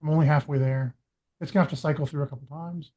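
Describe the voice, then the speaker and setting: A man's voice: a little high, steady tone, fast talker, dark tone, rough recording. A man on a video call thinking aloud as he reads chart numbers, with many ums and uhs. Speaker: chart analyst host. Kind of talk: casual chart walkthrough.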